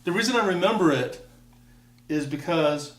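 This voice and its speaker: A man's voice: fairly high pitch, lively intonation, normal speed, fairly bright tone, distant mic. A man in his fifties from Wisconsin wanders through a personal story, stopping and restarting with dry, self-mocking asides. He sits back from the microphone in an echoey room. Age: 50s. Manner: rambling, self-interrupting, wry. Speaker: vlogger. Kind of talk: casual personal monologue.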